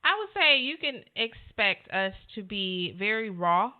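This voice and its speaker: A woman's voice: mid-range voice, very animated, unhurried. A woman co-hosting a podcast with her husband, speaking earnestly and with animation, often saying "you know". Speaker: podcast co-host. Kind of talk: casual conversation. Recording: phone-like narrow sound.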